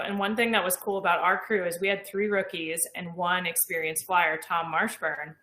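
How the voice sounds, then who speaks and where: A woman's voice: lowish voice, fairly bright tone, reverberant, rough recording. A woman in her thirties, an astronaut guest, explaining her training with enthusiasm in a conversational interview.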